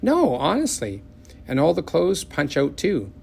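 Man doing a lively, coaxing schoolgirl. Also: on the high side, a little slow, creaky, husky, pitched above the performer's own voice, heavily acted. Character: confident, friendly young schoolgirl.

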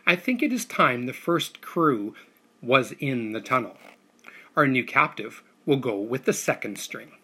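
A scheming middle-aged uncle talking in a light, smooth, condescending way, as a man narrator puts him on. His voice is bright and a little husky. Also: medium pitch, lively intonation, unhurried, exaggerated voice.

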